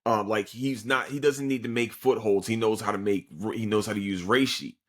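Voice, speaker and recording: A young man hosting a podcast, casually recapping an anime episode in an excitable, profane way with lots of fillers. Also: fairly low pitch, moderate pace. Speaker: podcast host.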